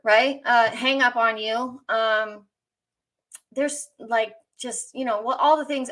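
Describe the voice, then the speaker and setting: A woman's voice: fairly high pitch, normal speed, a bit bright. A woman presenting to a business audience, chatty and upbeat, with frequent fillers and small laughs. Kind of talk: conference session talk.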